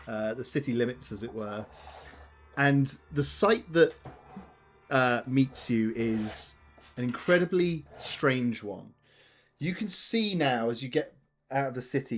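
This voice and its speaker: A man narrating as game master of a tabletop game, unhurried, with many fillers. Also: medium pitch.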